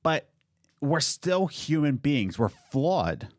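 A man's voice: fairly high pitch, big pitch swings, slow pace, darkish tone, no room sound, studio quality. A man co-hosting a casual talk show, speaking in a heated, rambling way with many restarts. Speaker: podcast co-host. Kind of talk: casual opinionated chat.

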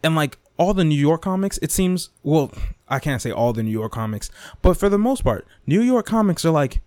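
A young man hosting a podcast, ranting casually with lots of swearing, repetition and quick asides. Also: fairly high pitch, no room sound. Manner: animated, profane, repetitive, swings into mock whispers and impressions. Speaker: podcast host. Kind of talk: casual rant monologue.

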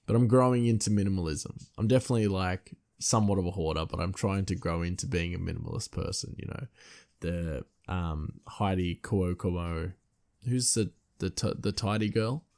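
Rambling, laughing young man with a low voice. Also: moderate pace, darkish tone. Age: young adult. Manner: rambling, laughs a lot, many fillers. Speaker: storyteller. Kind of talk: casual anecdote.

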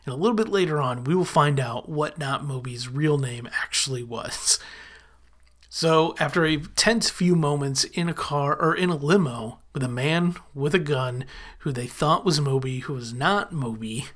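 Casual recap narrator, chatty, animated retelling, quick quoted lines. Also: medium pitch. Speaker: sitcom episode recapper.

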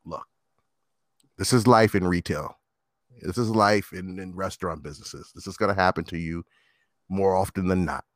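A man voicing a calm, patient male store manager who speaks softly and reassuringly. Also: on the high side, brisk, no echo, natural voice. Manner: soft, even, reassuring.

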